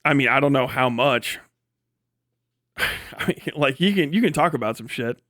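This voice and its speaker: A man's voice: medium pitch, lively intonation, moderate pace, a bit bright, dry recording, studio quality. A man talking casually on a livestream, rambling and swearing, often laughing and trailing off. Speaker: live streamer.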